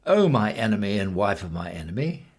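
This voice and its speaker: A man's voice: on the low side, sing-song, a little fast, husky, voice pushed up, exaggerated voice. A man voicing a proud, sly male wild cat in a storybook reading, haughty and wheedling by turns.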